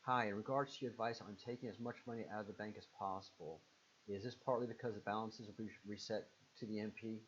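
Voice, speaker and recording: A man's voice: fairly even intonation, quick pace, a little hiss or hum. Southern-accented man chatting on a live stream. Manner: rambling, answers viewer comments with fillers. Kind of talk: casual live stream chat reading comments. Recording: muffled low-fidelity stream audio.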